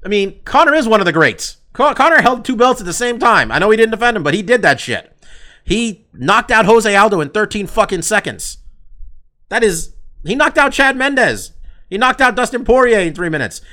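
A man hosting a casual sports podcast, animated and swearing freely as he argues picks. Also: sits high, moderate pace. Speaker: podcast host.

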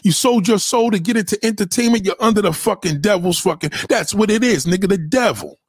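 A man's voice: high voice, fairly quick, breathy edge, no room sound, studio quality. A man hosting a livestream, ranting in a preachy, confrontational way and swearing constantly. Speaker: livestream host. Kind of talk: profane livestream rant.

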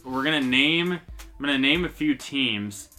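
A young man hosting a casual sports podcast chat. He often hedges and corrects himself, then gets lively when he runs a quiz. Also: mid-range voice, moderate pace, faint music behind. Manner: hesitant, self-correcting, then energetic when running a quiz. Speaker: podcast host.

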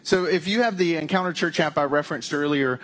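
A man's voice: fairly high pitch, fast, fairly bright tone. A man preaching a conversational sermon, with frequent restarts and casual asides. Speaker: pastor.

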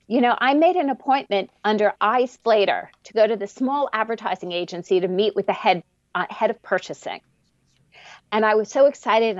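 A woman's voice: medium pitch, no room sound. Earnest businesswoman, dull dry recording. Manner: earnest, storytelling, acts out quotes. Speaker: guest, businesswoman. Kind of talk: interview answers.

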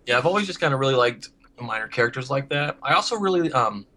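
Male comic writer, casual rambling podcast guest, fast and bright. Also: mid-range voice, lively intonation, slight background noise. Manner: rambling, laughs often, acts out quotes.

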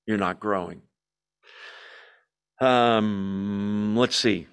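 A man's voice: lowish voice, extremely slow, clear, resonant tone. A man leading a Bible study in a church meeting room, speaking animatedly and asking and answering his own rhetorical questions.

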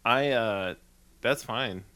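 A man's voice: mid-range voice, takes it slowly, bright, forceful tone. A man co-hosting a podcast, chatting casually in a rambling, jokey way. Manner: rambling, jokey, puts on silly voices. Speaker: podcast co-host. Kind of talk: casual comedic podcast chat.

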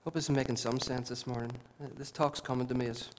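A man, a lead pastor preaching a sermon with impassioned, repetitive emphasis and quieter asides. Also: mid-range voice, steady tone, fast, slight background noise. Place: church hall.

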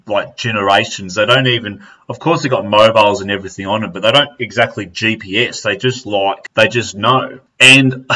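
An Australian man with a bright, forceful voice chats loosely, spinning stories packed with slang and swearing. He laughs his way through anecdotes in a relaxed conversational flow. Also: mid-range voice, rough recording. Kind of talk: casual chat.

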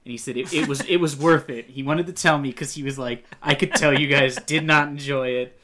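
Bright-voiced male podcast host. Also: a little high, fairly even intonation, a little fast. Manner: joking, rambling with restarts. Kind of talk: casual chat.

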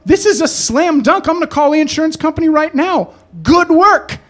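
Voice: sits high, pitched above the performer's own voice. A storyteller doing an overjoyed cab boss. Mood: thrilled. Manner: excited and brisk. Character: delighted taxi company boss, male.

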